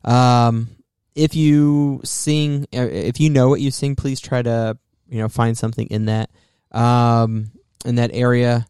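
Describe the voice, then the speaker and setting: A man co-hosting a local radio show, talking in a relaxed, chatty way with many fillers and restarts. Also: mid-range voice, slow, few pauses, clear, resonant tone, dry recording, studio quality. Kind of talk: casual local radio chat.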